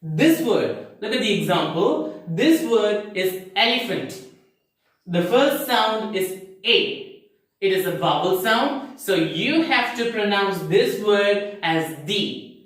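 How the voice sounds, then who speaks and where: A man's voice: high voice, expressive, slow pace, a bit bright. A man teaching English pronunciation in an online lesson, who asks rhetorical questions and answers them himself with careful explanations. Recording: very echoey room, mic far off.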